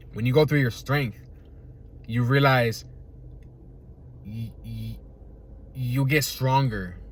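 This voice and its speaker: A man's voice: medium pitch, a little hiss or hum. A young man hosting a podcast, rambling casually in a profane, laid-back way, often laughing and tagging his thoughts with "right?". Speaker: podcast host.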